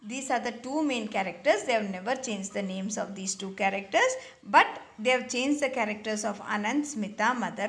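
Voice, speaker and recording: A woman's voice: a little high, fairly bright tone. A woman teacher with an Indian accent reads and explains a school lesson, often checking in with her students. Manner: keeps checking in with "okay, children". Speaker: English teacher.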